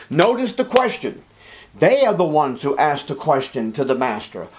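A man's voice: on the high side, big pitch swings, unhurried. A man preaching a Bible sermon, emphatic and dramatic, sometimes dropping to a whisper. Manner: emphatic, drops to a whisper for quoted lines.

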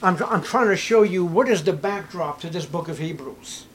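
A man's voice: high voice, animated, normal speed, slight background noise. An older man preaching a sermon, reading scripture aloud and commenting with growing emotion. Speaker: pastor.

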